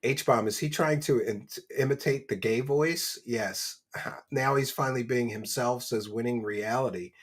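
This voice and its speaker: A man's voice: medium pitch, unhurried, breathy edge. A man hosting a live-stream commentary show, talking in a sarcastic, mocking way. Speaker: host.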